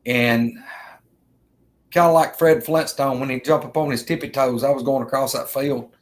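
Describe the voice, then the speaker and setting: A man's voice: mid-range voice, steady tone, moderate pace. Rambling storyteller man. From Alabama, US. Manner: earnest, rambling, repeats himself, addresses viewers as guys. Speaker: vlogger telling an encounter. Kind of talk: casual storytelling.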